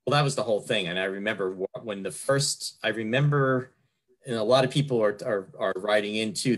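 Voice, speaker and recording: Low-voiced rambling host in his fifties. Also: a bit bright. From New York area. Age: 50s. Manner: rambling, many fillers and restarts. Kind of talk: casual fan interview.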